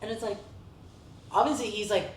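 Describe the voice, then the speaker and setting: A podcast co-host in casual chat, animated and quick to laugh, with lots of "like" fillers. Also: mid-range voice, slight background noise. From Vietnamese heritage. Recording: roomy, distant mic with faint ambience.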